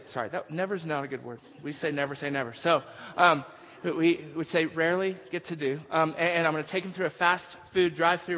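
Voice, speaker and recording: High-voiced pastor preaching in a hall. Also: male voice, fairly bright tone. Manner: casual storytelling, builds to emphatic preaching. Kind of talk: sermon. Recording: long hall reverb.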